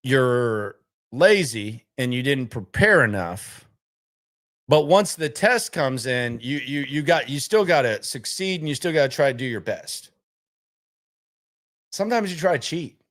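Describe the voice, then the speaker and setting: A man's voice: mid-range voice, big pitch swings, measured pace, a bit bright. A man hosting a live sports talk stream, emphatic and repetitive, hammering his points home and rambling with restarts and asides. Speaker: sports talk show host.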